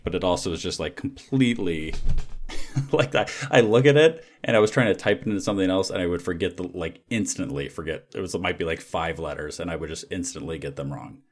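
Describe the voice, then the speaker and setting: A man with a very low voice hosts a podcast in casual chat. He rambles, doubling back with fillers as he tells a story. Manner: rambling, lots of filler words and restarts. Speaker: podcast host.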